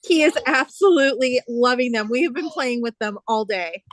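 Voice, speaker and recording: An older woman chats over a video call while hosting a sewing night. Her voice sits a bit high and sounds dry and close. She talks like a doting grandmother, easy and rambling. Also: animated, moderate pace, dry recording. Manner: chatty, doting grandmother talk. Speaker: host of a live sewing stream. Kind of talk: casual chat.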